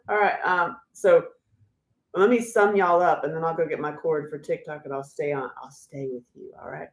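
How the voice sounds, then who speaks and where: Woman, 50s, livestream host; low voice, rambling and chatty, echoey room. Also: steady tone. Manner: rambling, chatty, quick to laugh. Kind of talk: casual livestream chat.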